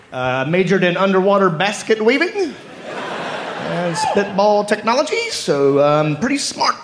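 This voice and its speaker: A man's voice: high voice, background noise. A man with a Southern accent from North Carolina doing a self-mocking stand-up comedy set on stage. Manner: drawling, self-mocking punchlines. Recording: roomy club with audience laughter. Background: audience laughing.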